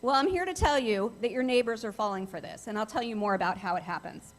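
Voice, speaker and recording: Speaking fast and animatedly in a high voice, a middle-aged woman gives an earnest, emphatic guest talk on cybercrime to a club. She often repeats phrases for stress.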